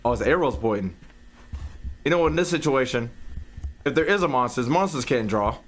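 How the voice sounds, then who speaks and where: A man's voice: mid-range voice, animated, brisk. A young man streaming a live reaction. He talks to his chat with plenty of profanity and yelps when something startles him.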